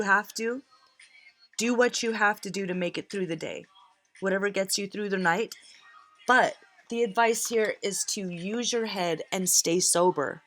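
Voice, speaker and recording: A woman's voice: medium pitch, fairly bright tone. Tearful woman giving a tarot reading. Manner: earnest, emotional, repeats phrases for emphasis. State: near tears. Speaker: tarot reader.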